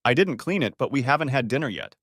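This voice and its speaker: A man's voice: mid-range voice, expressive, quick pace, fairly bright tone, husky, no room sound, studio quality, pitched above the performer's own voice. A man voicing a stern, disappointed mother who answers her teenage son curtly. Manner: stern, curt.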